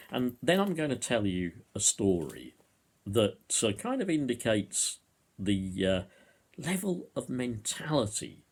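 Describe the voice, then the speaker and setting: A man's voice: low-pitched, darkish tone, husky. A man vlogging to camera from home, talking in a rambling way with hesitant fillers. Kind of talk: monologue to camera. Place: indoors at home. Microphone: camera in front of him.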